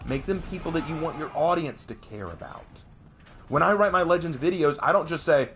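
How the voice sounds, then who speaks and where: A young adult man ranting on a live stream in a casual, emphatic way, jumping up in pitch during heated outbursts. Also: brisk, slightly rough. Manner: animated, emphatic, voice jumps high in outbursts. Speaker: streamer and commentator.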